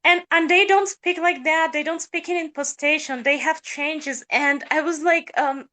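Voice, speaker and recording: A woman's voice: high-pitched, takes it slowly, bright, forceful tone. A woman co-hosting a casual chat who laughs lightly as she talks. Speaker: podcast co-host.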